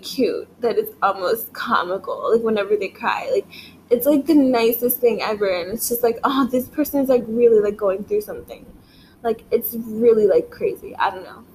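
Rambling young woman vlogger, high voice. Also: slight background noise. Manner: rambling, swearing often, lots of "like" fillers. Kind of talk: casual rambling chat to camera. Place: living room at home, indoors.

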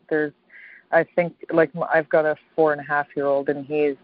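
A woman's voice: sits low, little pitch movement, moderate pace, no room sound. A woman who writes books, chatting reflectively in casual conversation, laughing often and ending thoughts with "right?". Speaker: podcast co-host, author. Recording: dull lo-fi dry recording.

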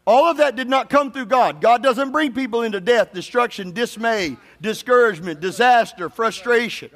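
A man's voice: very high-pitched, normal speed, a bit bright. A man preaching a sermon as pastor, calling on the congregation to answer him and say amen. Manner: call-and-response preaching, prompts congregation to say amen. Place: church sanctuary. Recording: long hall reverb.

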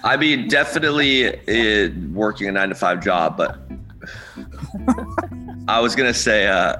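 A man's voice: lowish voice, unhurried, pushed and bright, soft background music. A man guesting on a podcast, chatting casually in a rambling, laid-back way and laughing often. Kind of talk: casual chat.

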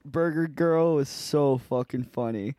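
A man's voice: a little high, unhurried, warm tone, no echo, studio quality. A young man co-hosting a podcast, telling a long story in a rambling, profane way with lots of fillers. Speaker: podcast co-host. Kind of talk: casual storytelling chat.

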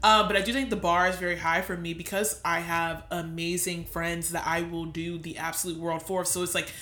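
A woman's voice: on the low side, little pitch movement, a little fast, pushed and bright, echoey room. A young adult woman co-hosting a podcast, talking candidly and emotionally, close to tears and swearing freely. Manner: emotional, swears freely, voice rising when upset. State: near tears. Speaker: podcast co-host. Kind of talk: candid casual chat.

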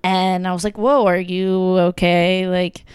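A woman's voice: lowish voice, a little slow, clean tone, no echo, studio quality. Chatty young woman telling a story. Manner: chatty, lots of "like" and "kinda", quoting others in lively bursts. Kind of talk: casual storytelling chat.

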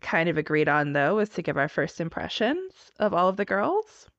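A woman co-hosting a podcast in casual chat, chatty and quick to laugh. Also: fairly low pitch, sing-song, no echo. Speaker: podcast co-host. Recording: dull, lo-fi dry recording.

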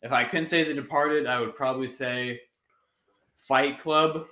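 A young man co-hosting a casual podcast chat, excitable and swearing freely as he blurts out his thoughts. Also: medium pitch, measured pace, a loud crowd. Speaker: podcast co-host. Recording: echoey room.

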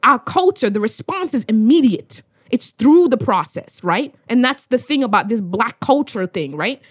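A young woman, a spoken word poet, telling a story in animated, laughing, swearing casual chat. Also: on the high side, moderate pace, husky, no room sound, studio quality. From Australia.

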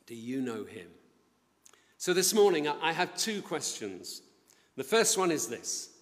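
A middle-aged man preaching a sermon, telling a story in a lively way and acting out the voices of the people in it. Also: medium pitch. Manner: storytelling, animated, acts out quoted voices. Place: church building. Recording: long church reverb.

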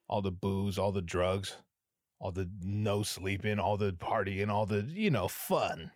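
A man hosting a podcast, with a hoarse, strained throat, telling rambling, sarcastic stories full of swearing. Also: sits low, normal speed, dry recording, studio quality. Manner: profane, rambling, sarcastic storytelling. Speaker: podcast host. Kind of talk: casual comedic monologue.

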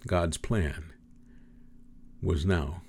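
A man preaching a sermon, with dramatic, slow, emphatic delivery and big swings in pitch and volume. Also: fairly even intonation, darkish tone, breathy edge.

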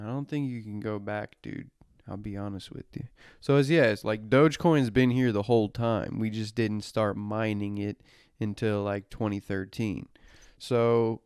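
A man's voice: mid-range voice, clean tone, no room sound, studio quality. A young man hosting a podcast, rambling crudely and joking as he drifts between topics. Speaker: podcast host. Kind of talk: casual rambling commentary.

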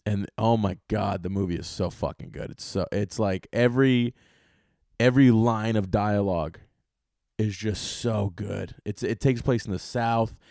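A young man hosting a solo podcast, talking casually and with lots of swearing, swinging from loud outbursts to low muttering. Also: unhurried, gravelly, no room sound, studio quality. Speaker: podcast host.

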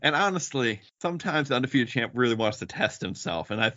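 A man's voice: medium pitch, animated, fast, bright, forceful tone, no room sound, lo-fi sound. A man hosting a casual movie podcast, joking and boasting playfully with his brothers. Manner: playful, boastful banter with laughs. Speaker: podcast host.

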